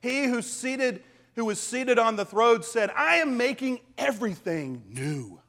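A man preaching a sermon as a pastor, swinging from hushed whispers to loud, emphatic declarations. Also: very high-pitched, sing-song, unhurried. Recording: long reverb of a large hall.

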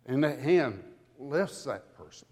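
A man preaching a sermon to a congregation with dramatic emphasis, building to loud peaks on key words. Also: mid-range voice, lively intonation, husky. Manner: dramatic, slow emphatic delivery with swelling loudness. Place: church sanctuary. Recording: long hall reverb from a church. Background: congregation audience.

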